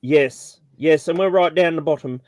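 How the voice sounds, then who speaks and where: A man's voice: fairly high pitch, normal speed, darkish tone, no room sound. Chatty Australian man on a call. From Tasmania, Australia. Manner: chatty, rambling with many fillers. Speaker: panel host. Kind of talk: casual video call chat.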